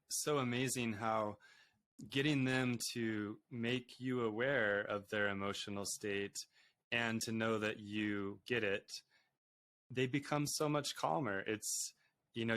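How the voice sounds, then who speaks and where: A man with a somewhat low voice hosting a conversation. He thinks out loud and sums up his guest's ideas in a reflective, encouraging way. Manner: reflective, affirming, reacts with laughs and hums. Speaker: podcast host. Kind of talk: conversational interview.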